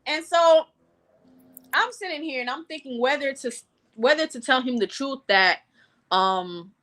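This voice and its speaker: A woman co-host with a bright, tense edge to her voice, sitting slightly high. She tells candid stories bluntly, with plenty of profanity. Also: expressive, measured pace. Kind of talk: casual chat.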